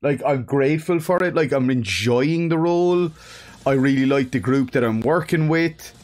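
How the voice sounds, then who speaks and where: A man's voice: medium pitch, moderate pace, darkish tone. An Irish man chatting casually on a live game stream, greeting viewers by name, laughing often and swearing freely. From Ireland.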